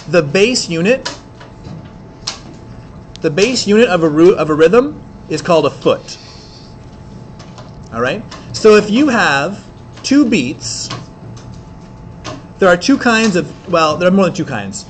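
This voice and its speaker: A man teaching an English class, explaining in quick bursts with many fillers and restarts. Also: sits high, big pitch swings. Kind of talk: classroom lecture.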